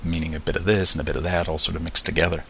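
Podcast host, American man with a touch of Kiwi in his accent, very low and gravelly, bright edge, faint room hiss behind. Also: flat delivery, rapid-fire. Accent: American with slight New Zealand mix. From United States. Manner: rambling, chatty, frequent ums and restarts. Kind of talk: casual podcast monologue.

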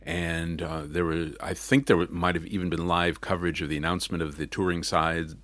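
A man with a low, deep voice and a mixed accent talks on his own in a loose, meandering way. He stops to correct himself and chuckles now and then. The recording is dry, with no room sound. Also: level tone, a little fast, fairly bright tone, dry recording. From not New Zealand. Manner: rambling, self-correcting, chuckles often. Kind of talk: casual monologue.

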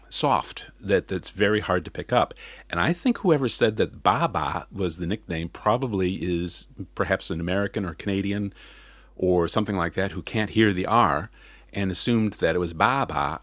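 A man with a low, deep voice and a mixed accent talks on his own in a loose, meandering way. He stops to correct himself and chuckles now and then. The recording is dry, with no room sound. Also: a bit bright, dry recording. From not New Zealand. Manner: rambling, self-correcting, chuckles often. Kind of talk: casual monologue.

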